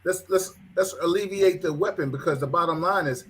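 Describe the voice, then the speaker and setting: A man's voice: high-pitched, a little fast, fairly bright tone. A man co-hosting a talk show who keeps cutting in and repeats words as he tries to make his point. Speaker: podcast co-host.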